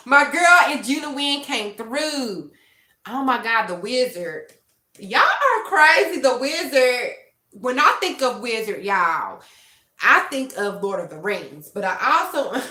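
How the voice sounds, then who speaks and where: A young adult woman hosting a casual tarot livestream, animated and laughing often as she talks straight to her chat. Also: fairly high pitch, reverberant. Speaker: tarot reader and livestream host.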